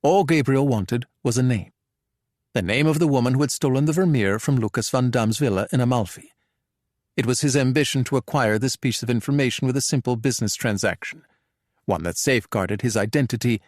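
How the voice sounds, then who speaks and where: Man, audiobook narration, measured even delivery, mid pitch, dry close recording. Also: no echo.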